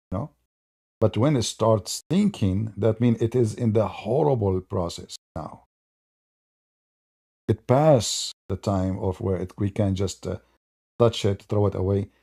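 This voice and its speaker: A man's voice: lowish voice, creaky, warm tone, husky, dry recording, clean studio sound. A man delivering a mocking, combative monologue in non-native English grammar, sarcastic and scornful as an online debater. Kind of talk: polemical monologue.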